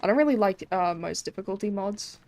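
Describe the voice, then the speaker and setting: A woman's voice: mid-range voice, lively intonation, brisk, darkish tone. A young Australian woman streaming a game, chatting casually with many fillers and frequent swearing. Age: young adult. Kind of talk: casual live-stream chat.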